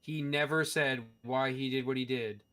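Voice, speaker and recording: A man's voice: mid-range voice, fairly even intonation, moderate pace, bright, forceful tone. A male podcast co-host in casual chat, heavy on swearing and strong opinions. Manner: profane, opinionated ranting.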